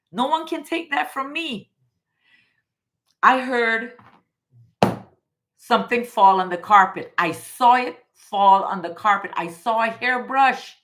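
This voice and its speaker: A woman's voice: medium pitch, fairly bright tone. A middle-aged woman, a card reader from Guyana, talking casually and emphatically, often repeating phrases. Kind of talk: casual spiritual reading and storytelling.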